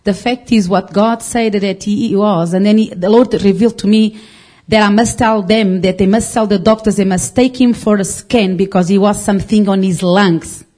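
A woman tells her testimony before a congregation in a mellow, warm voice. She speaks earnestly, restarting sentences and phrasing things loosely as the story pours out. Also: medium pitch, steady tone, normal speed. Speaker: congregation member giving testimony. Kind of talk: personal testimony.

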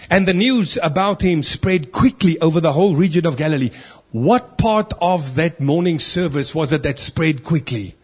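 A man delivers a sermon with emphatic conviction, firing rhetorical questions at his listeners and reading scripture aloud. His voice sits a little high and carries a husky, breathy edge. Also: lively intonation, normal speed. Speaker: preacher.

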